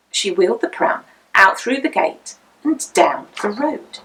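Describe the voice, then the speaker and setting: A woman reading a picture book aloud as a storyteller, with an expressive, sing-song delivery, slightly distant from the mic. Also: a little high, a little slow, gravelly.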